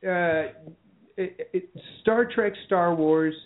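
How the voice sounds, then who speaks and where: A male radio host with a fairly high voice chats casually and tells stories with animation, turning often to question his guests. The sound is squeezed and thin, like it's coming down a phone line. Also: slow pace. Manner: animated storyteller, quizzing guests. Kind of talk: casual studio chat.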